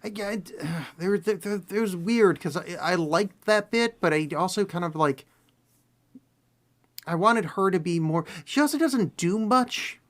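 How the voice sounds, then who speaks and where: A man's voice: high-pitched, lively intonation, measured pace, fairly bright tone. A man co-hosting a podcast, trading playful, teasing banter in a casual film-review chat. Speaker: podcast co-host.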